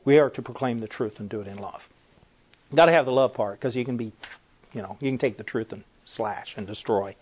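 A man's voice: medium pitch, brisk, a little mellow, breathy edge. A man preaching an emphatic sermon-style talk, firing rhetorical questions and repeating phrases as he presses each point.

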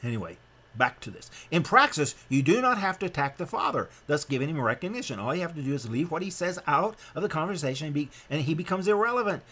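A man's voice: sing-song, quick pace, pushed and bright. A man from Nebraska giving a sermon-style lecture, emphatic and rambling, often restarting his sentences. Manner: emphatic and rambling, with frequent restarts and sudden rises in pitch.

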